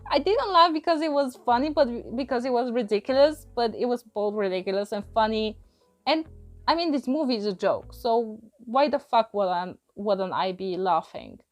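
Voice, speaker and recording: A woman with a slightly high voice talks through a film review in a loose, rambling way, often exasperated, laughing and restarting her sentences. Faint music plays under her voice. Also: animated, normal speed. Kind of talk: casual spoken movie review.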